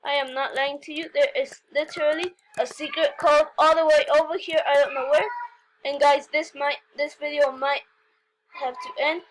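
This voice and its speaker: A woman giving excitable gameplay commentary, talking straight to viewers and often breaking into squeals and repeated cries. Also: high-pitched, moderate pace, a little hiss or hum. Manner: talks straight to viewers, frequent "okay, guys". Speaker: gaming video host.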